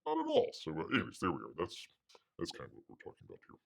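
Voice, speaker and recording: A man's voice: low-pitched, wildly swooping pitch, racing, vocal fry. A man hosting his own livestream show, ranting in a sarcastic, mocking way with lots of filler words. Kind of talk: casual ranting commentary.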